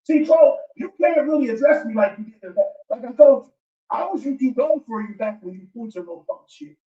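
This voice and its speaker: A man's voice: extremely high pitch, animated, brisk. A man ranting defensively in a played video clip, rambling and profane. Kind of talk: angry video rant. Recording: dull, roomy audio from a distance.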